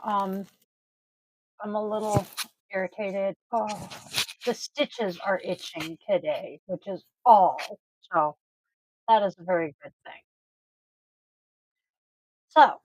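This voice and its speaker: Slow-talking sleepy woman vlogger. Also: mid-range voice, a little hiss or hum, low-quality recording. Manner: chatty, easygoing, self-deprecating. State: sleepy and groggy. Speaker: tarot reading vlogger. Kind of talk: casual chat to viewers.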